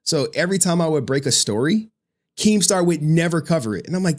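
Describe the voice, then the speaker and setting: A male host riffing on stream, loose and profane. His voice sits a little high, and he keeps echoing other people's words back at them. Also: a little fast. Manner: profane, animated, repeats others' phrases. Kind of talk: casual stream chat.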